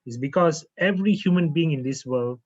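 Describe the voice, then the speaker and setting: A man teaching as a naturopath, guiding a slow, calm relaxation lesson and repeating phrases with frequent okays. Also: fairly high pitch. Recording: muffled lo-fi audio.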